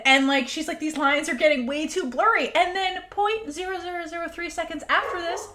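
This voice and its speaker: High-voiced animated woman podcast host. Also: brisk, few pauses. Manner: animated, swearing, acts out quotes, laughs often. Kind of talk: casual recap chat.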